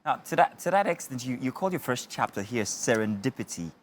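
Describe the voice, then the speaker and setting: A Nigerian man hosting a TV book review interview, jovial and quick to joke. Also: medium pitch, lively intonation, a little hiss or hum. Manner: jovial, joking. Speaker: TV morning show host. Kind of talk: studio interview.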